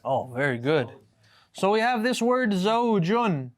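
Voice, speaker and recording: A man teaching a live class, with a fairly high voice. He explains each word patiently, often stopping to ask "right?", and reads the example sentences aloud. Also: big pitch swings, a little slow. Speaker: Arabic teacher. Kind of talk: classroom lesson. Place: classroom with students.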